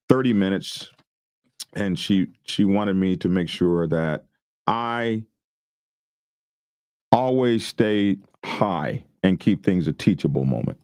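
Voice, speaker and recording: A middle-aged man hosting a casual podcast, talking in a halting, laid-back way and laughing at himself. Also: low-pitched, animated, darkish tone, no echo, clean studio sound. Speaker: podcast host.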